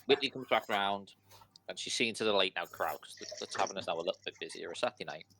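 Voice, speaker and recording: A man narrating a tabletop game as dungeon master, in a relaxed, chatty way. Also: deep voice, fast, gravelly.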